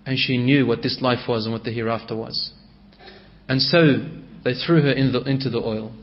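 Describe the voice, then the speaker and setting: A male preacher telling a story in a sermon, swinging between raised and hushed delivery. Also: medium pitch, fairly even intonation, moderate pace, muffled recording.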